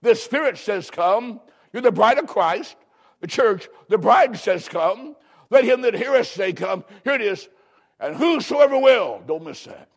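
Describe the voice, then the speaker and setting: A man preaching a revival sermon, urgent and emphatic, swinging from shouted lines to hushed ones. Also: sits high, animated, a little slow.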